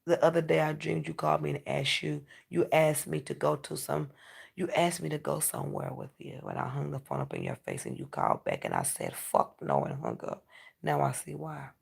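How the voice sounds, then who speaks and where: Gravelly-voiced woman ranting to camera. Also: low-pitched. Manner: ranting, preachy, profane. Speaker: vlogger. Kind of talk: casual venting monologue.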